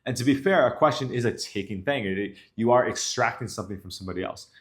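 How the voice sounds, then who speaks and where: A man speaking casually to camera as a dating coach, explaining calmly and directly. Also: fairly low pitch, fast talker. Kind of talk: instructional talk to camera.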